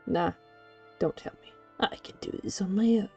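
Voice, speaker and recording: A woman livestreams a game, her sing-song, dark, husky voice carrying vocal fry at a moderate pace with long pauses. She chats playfully with viewers, gushes over cute things, and slips into squeaky cute voices, with faint music under slightly dull lo-fi stream audio.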